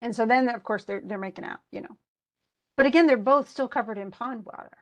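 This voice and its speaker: A woman's voice: fairly high pitch, brisk, muffled recording. A woman college English instructor giving an informal lecture. She reads passages from a story aloud and comments on them in a chatty way, with many fillers and restarts.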